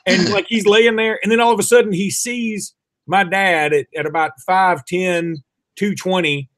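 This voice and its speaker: A man's voice: high-pitched, normal speed. A man co-hosting a podcast, telling a funny story in casual chat and acting out the voices of the people in it. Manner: animated, laughing storyteller who acts out voices. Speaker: podcast co-host.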